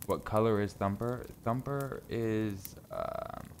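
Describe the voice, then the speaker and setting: A man's voice: lowish voice, sing-song, slow, vocal fry, a little hiss or hum. A man chatting casually on a live stream from a home closet, laid-back and joking, swearing freely, a little stuffy from sinus trouble.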